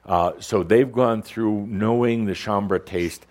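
A man's voice: lowish voice, takes it slowly, darkish tone. A middle-aged man from Wisconsin hosting a show with easygoing, joking announcements and many fillers. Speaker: show host. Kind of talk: casual hosted announcements.

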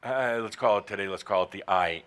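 A man giving a live spiritual talk to an audience, teasing and playful, swinging between loud bursts and soft, slow asides. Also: deep voice, smooth. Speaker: spiritual teacher.

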